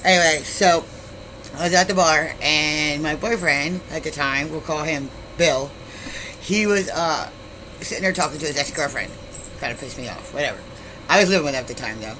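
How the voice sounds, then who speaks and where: A woman's voice: low-pitched, moderate pace, background noise. A middle-aged woman casually telling a story to her YouTube viewers, rambling and blunt, swearing freely with many asides.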